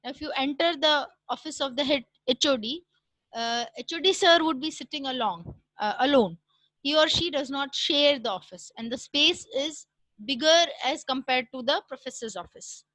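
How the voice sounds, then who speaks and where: Woman lecturer, high voice, explains patiently with filler pauses. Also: a bit bright, no room sound, low-quality recording. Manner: explains step by step with frequent "uh" pauses and "right?" checks. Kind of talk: recorded classroom lecture.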